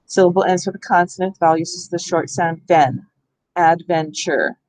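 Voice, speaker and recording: A woman's voice: on the low side, flat delivery, fast talker, a little mellow, no room sound, poor audio. A woman training teachers in a hands-on reading workshop, explaining step by step and thinking aloud. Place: school room.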